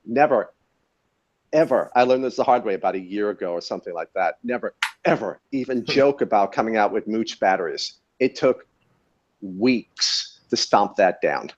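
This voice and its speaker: A man's voice: on the low side, lively intonation, moderate pace, breathy edge, dull audio. A man who tests batteries, talking in a casual podcast chat in a wry, rambling, self-correcting way. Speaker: battery tester and guest.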